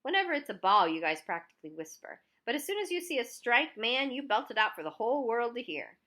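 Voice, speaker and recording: A woman voicing a wisecracking schoolboy ballplayer who talks loud, cheeky and excited. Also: a little high, fast, pitched above the performer's own voice.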